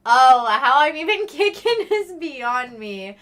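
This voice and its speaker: A woman's voice: sits high, takes it slowly. A young woman streaming and chatting casually with viewers, swearing freely and reading chat aloud. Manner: excitable greetings, frequent laughs.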